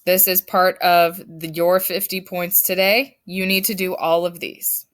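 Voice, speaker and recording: A woman's voice: fairly low pitch, flat delivery, measured pace. A woman teaching her fifth grade class in a recorded lesson, firm and emphatic as she explains step by step.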